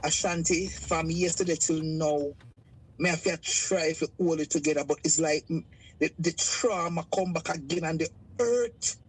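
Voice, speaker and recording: Husky Jamaican woman calling in. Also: low-pitched, low-quality recording. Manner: emotional, halting, stuttering. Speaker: caller. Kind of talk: call-in testimony.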